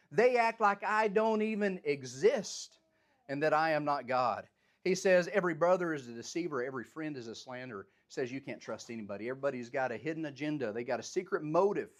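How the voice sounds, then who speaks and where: Animated high-voiced man teaching Bible study. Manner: reads scripture aloud, then paraphrases it in plain everyday speech; animated, voices the prophet's complaints with rising intensity.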